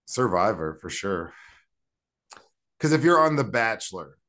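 A man's voice: on the low side, big pitch swings, measured pace, bright, forceful tone. A man co-hosting a podcast in casual chat, rambling with lots of slang, fillers and restarts. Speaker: podcast co-host.

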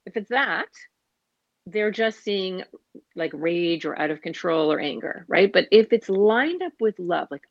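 Woman, earnest, animated, conversational, dull muffled sound, dry room. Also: medium pitch, measured pace, creaky, dry recording. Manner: earnest, animated, acts out parent and child voices. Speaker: parenting guest speaker. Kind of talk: casual conversational explanation.

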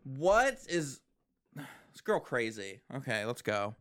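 A man casually reacting to new songs, excitable, swearing often and breaking into laughter. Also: medium pitch, takes it slowly, a little hiss or hum. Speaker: music reaction host. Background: faint music.

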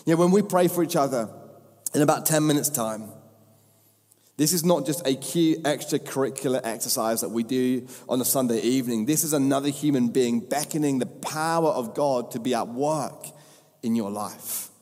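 A man's voice: mid-range voice, moderate pace, a little mellow. A man preaching a sermon with impassioned, repeated emphatic phrases. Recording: long hall reverb.

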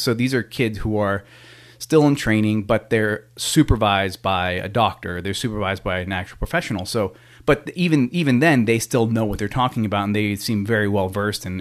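A man with a slightly low-pitched voice tells a casual story to the camera. He rambles, restarts his sentences often and swears offhandedly. He sounds like a foster parent sharing his day.

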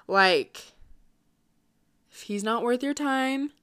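A young woman vlogger chatting casually to her viewers, quick and upbeat, with lots of fillers. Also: a little high, a bit bright, clear, resonant tone. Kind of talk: casual chat.

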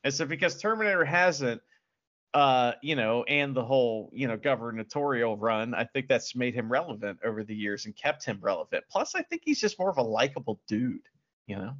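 A man co-hosting a podcast, chatting casually and excitably about films, swearing and laughing often. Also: medium pitch, fairly quick, muffled recording. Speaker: podcast co-host. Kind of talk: casual film review chat.

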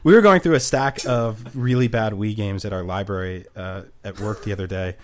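A man's voice: on the low side, normal speed, slight background noise. A young man co-hosting a podcast, telling stories in casual chat, laughing often and acting out quotes. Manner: animated storyteller, laughs often, acts out quotes. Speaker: podcast co-host.

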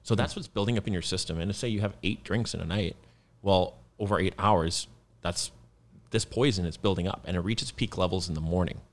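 A man's voice: deep voice, fairly quick. A man in his thirties, a guest founder explaining his work in a loose, casual podcast chat with plenty of fillers.

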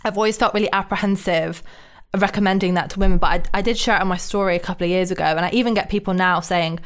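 A woman's voice: medium pitch, steady tone, very fast, clean tone. A woman in casual chat, telling stories bluntly and animatedly, swearing freely.

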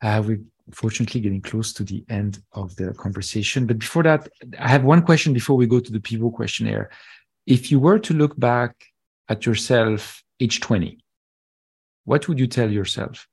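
Male host, husky voice, mid pitch, brief measured questions. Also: a little mellow. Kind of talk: interview questions.

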